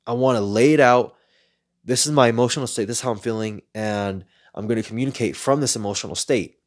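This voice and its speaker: A man's voice: medium pitch, fast. A man hosting a solo podcast, talking in an earnest, reflective way and often repeating words as he searches for them. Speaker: podcast host.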